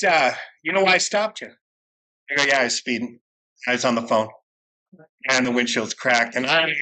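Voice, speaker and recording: At a recovery meeting, an alumni speaker recounts his own recovery in a candid, profane, self-mocking way, followed by a camera in the room. The man's voice is fairly high, bright and forceful, captured in a low-quality recording.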